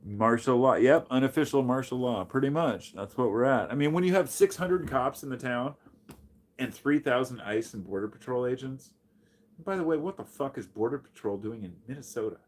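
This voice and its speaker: This American live streamer has a mid-range voice and talks a little fast. He goes through his chat on a casual stream, answering bluntly and profanely, and greets chatters with real animation.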